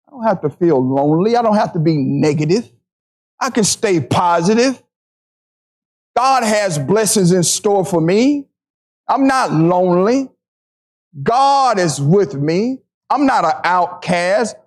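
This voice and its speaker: A man preaching a sermon to his congregation, repeating phrases for emphasis and slowing down to stress scripture. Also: high voice.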